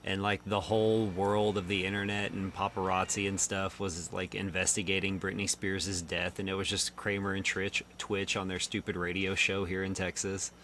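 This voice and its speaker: A man hosting a casual chat, telling stories quickly and laughing often. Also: low voice, little pitch movement, bright, forceful tone, a little hiss or hum. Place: Texas.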